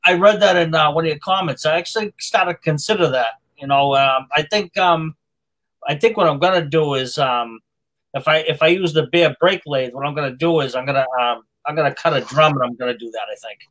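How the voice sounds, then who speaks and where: A man with a Massachusetts accent hosting a live stream, halting with lots of fillers and restarts. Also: fairly high pitch, fairly bright tone, poor audio. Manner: halting, many fillers and repeated words. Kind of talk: casual chat.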